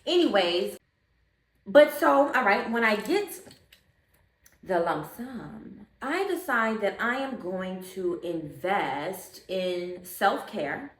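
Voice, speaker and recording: A woman vlogger telling a personal spiritual story in a chatty, expressive way, often calling the listener baby. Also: on the low side, echoey room, distant mic. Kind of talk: casual storytelling to camera.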